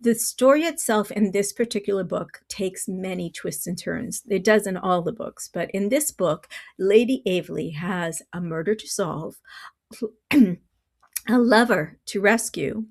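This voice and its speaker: Middle-aged woman, book reviewer, gravelly edge in a mid-pitched voice, earnest and measured. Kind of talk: scripted book review vlog.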